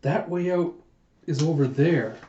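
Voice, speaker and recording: A man's voice: a little high, unhurried, mellow, lightly acted. A man voicing a proud young dragon warrior who scolds in a dry tone, in a slightly dull, roomy home recording. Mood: wry.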